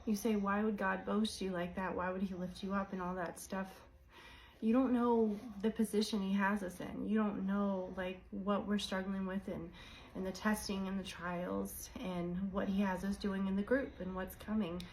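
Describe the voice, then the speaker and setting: A woman's voice: mid-range voice, level tone, normal speed, darkish tone, slight background noise, low-quality recording. A woman talking casually and emotionally to her viewers about her faith, rambling and apologizing as she goes. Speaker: co-host of a religious channel.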